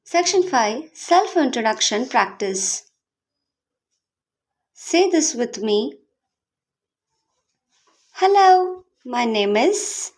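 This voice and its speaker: A woman teaching beginner English, reading short example dialogues in a slow, deliberate way for learners to repeat. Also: on the high side, animated.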